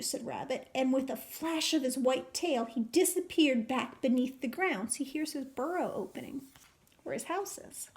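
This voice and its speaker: A woman teacher reading a picture book aloud to young children, animated and full of questions. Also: high-pitched, measured pace. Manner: animated, questioning, sing-song.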